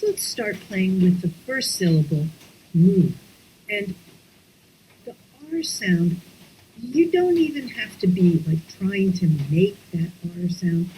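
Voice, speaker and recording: A woman teaching a breathwork class online, talking slowly and softly and often dropping into whispers. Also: medium pitch, a little hiss or hum, low-quality recording. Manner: slow, soft-spoken, drifting into whispers. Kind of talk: guided breathing lesson. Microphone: online class, computer mic.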